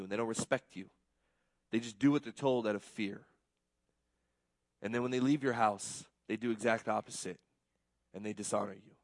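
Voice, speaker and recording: A man's voice: medium pitch, dry recording. Male pastor, mid-range voice, conversational and earnest sermon, stammers through repeats, dry close recording. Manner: earnest, self-deprecating, repeats words when worked up.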